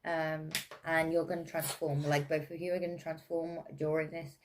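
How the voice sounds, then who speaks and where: A woman's voice: low-pitched, little pitch movement, moderate pace, background noise. A woman with an English accent giving a casual, chatty tarot reading, with many fillers and frequent laughs. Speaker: tarot reader.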